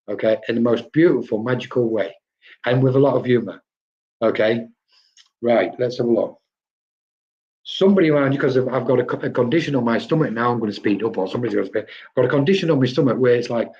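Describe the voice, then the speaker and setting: A psychic medium with a mid-range, slightly mellow voice gives chatty live-stream readings, often tagging his lines with "okay?" to check in. The audio has its highs cut off.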